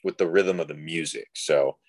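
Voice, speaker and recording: A young man from Texas with a deep, low voice tells a story in a loose, casual way, packing his sentences with fillers. He acts out the people he quotes as he goes. The sound is dry and close. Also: normal speed, dry recording. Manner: animated, filler-heavy, acts out quoted dialogue. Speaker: guest.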